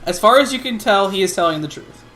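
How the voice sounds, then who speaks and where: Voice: medium pitch, expressive, quick pace, pushed and bright, faint music behind. A game master narrating a tabletop role-playing game in a loose, profane way, with laughing asides.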